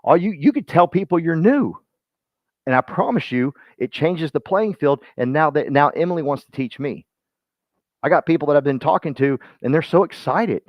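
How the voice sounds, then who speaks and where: A man's voice: fairly high pitch, lively intonation, normal speed, no echo. A man leading his team in a motivational talk, folksy and rambling, calling on listeners by name. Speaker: team leader speaking to his real estate agents. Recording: dull lo-fi dry sound.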